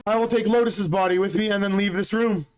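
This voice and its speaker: A slightly hoarse man voicing a cold, polite, murderous older male villain in a calm, measured way. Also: high voice, soft background music, voice pushed up, lightly acted.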